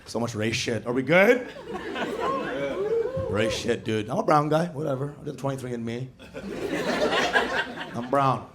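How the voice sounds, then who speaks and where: A man performing a stand-up comedy set on a club stage, joking in an animated way with a handheld mic. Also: medium pitch, unhurried, long pauses, heavy background noise. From Bangladesh. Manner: animated, jokey delivery with frequent laughter. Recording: live club recording, loud crowd laughter.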